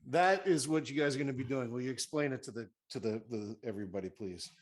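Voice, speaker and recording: A man running a tabletop game as game master, talking haltingly with many fillers. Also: medium pitch.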